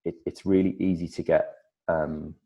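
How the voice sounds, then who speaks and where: A man with a very low voice and a northeast English accent talks casually as an actor being interviewed. He thinks aloud, circling back and restarting his sentences as he goes. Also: flat delivery, moderate pace, vocal fry, mellow, dull audio. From northeast England. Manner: thoughtful, rambling with restarts and acted-out quotes.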